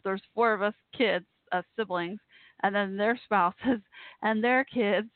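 A woman's voice: mid-range voice, slow pace, no echo. A woman hosting a live call-in show, chatting in a rambling, friendly way with lots of fillers and restarts. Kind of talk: casual live chat show. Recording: tinny phone-line sound, dry.

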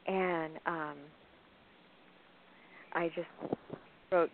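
Low-voiced woman caller on a hissy phone line. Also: steady tone, a little slow, pauses often. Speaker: caller and poet. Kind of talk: phone-in conversation. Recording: tinny phone line with faint hiss.

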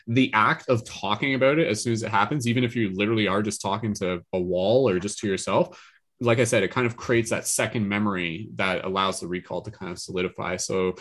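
A man hosting a group discussion podcast, talking in a relaxed, rambling way with many fillers. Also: fairly low pitch, brisk. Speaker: podcast host leading a dream discussion.

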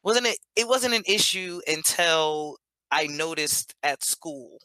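A woman in her thirties chatting as a podcast guest, telling animated stories with frequent laughter. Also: low voice, takes it slowly, dry recording. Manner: animated storyteller, laughs often, acts out quotes. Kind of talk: casual interview chat.

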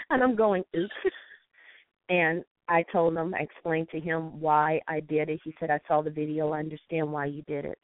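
A St. Louis woman phones in to a talk show as a guest, telling an impassioned story full of quoted dialogue. Her voice is low and her pace measured. The tinny, dry phone line carries no room sound.

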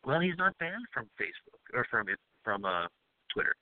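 A man's voice: mid-range voice, big pitch swings, moderate pace. A man hosting a podcast, retelling news in a loose, profane way and laughing as he goes. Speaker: podcast host. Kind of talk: casual podcast chat. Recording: tinny phone-like sound.

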